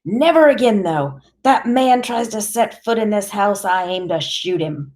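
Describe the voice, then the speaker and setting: A woman voicing an elderly grandfather, a gruff protective ex-soldier who talks sternly and later soothingly. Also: medium pitch, expressive, measured pace, a little mellow, voice pushed up, lightly acted. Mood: angry. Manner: stern, then soothing and weary.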